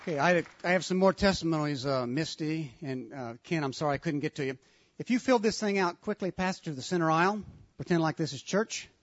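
A man leading a conference breakout session, giving brisk announcements and leading prayer, on a dull, lo-fi recording. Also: fairly high pitch, no room sound. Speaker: session leader.

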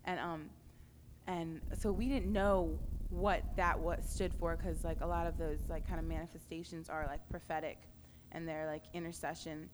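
Brief: young woman sharing testimony with a youth crowd, halting speech, lowish voice, echoey hall with faint noise. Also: flat delivery. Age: young adult. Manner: halting, many fillers and restarts. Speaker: panel speaker. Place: large hall at a youth camp.

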